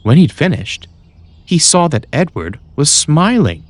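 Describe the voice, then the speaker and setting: A man narrating a children's storybook in a scripted, expressive way. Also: fairly high pitch, a little slow, no echo. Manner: expressive, voices every character. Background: music.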